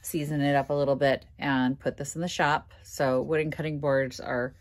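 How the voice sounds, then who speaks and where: A middle-aged woman from Minnesota telling a casual vlog story in a chatty, exasperated, animated way. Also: very deep voice, moderate pace, no echo. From Minnesota, USA. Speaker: vlogger.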